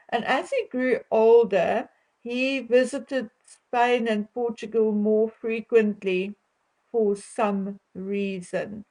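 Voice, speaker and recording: Slow-talking South African woman vlogger. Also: on the high side, darkish tone, low-quality recording. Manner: opinionated, chatty, laughs between remarks. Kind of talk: casual chat to viewers.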